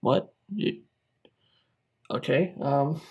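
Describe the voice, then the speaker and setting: A young man hosts a tongue-in-cheek tech review, gushing and over-dramatic. His voice sits a little high for a man. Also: extremely slow, creaky, darkish tone, slightly rough, muffled recording. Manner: over-dramatic, exaggerated enthusiasm. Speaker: tech YouTuber. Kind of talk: mock-serious product review skit.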